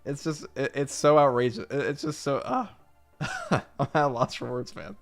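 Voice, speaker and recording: A man's voice: fairly high pitch, very animated, moderate pace, faint music behind. A young man streaming his reactions, swearing often, laughing in disbelief and stumbling through slangy restarts.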